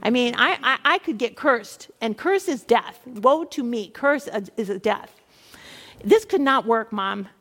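Brief: anxious, stammering younger son, played by a woman reader, high and echoey. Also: expressive, measured pace, a bit bright, soft background music, heavily acted. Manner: nervous, stammering. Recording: echoey hall reverb.

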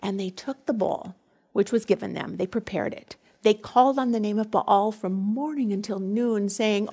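A woman's voice: medium pitch, moderate pace, warm tone, husky. Woman preacher retelling scripture dramatically. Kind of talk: sermon with scripture reading.

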